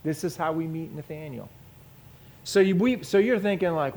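Animated man teaching a Bible lesson. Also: fairly high pitch, moderate pace. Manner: animated, asks the audience questions.

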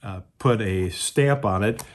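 With a lowish voice and a slow, deliberate pace, a pastor preaches by telling a story. He performs the voices of the people in it.

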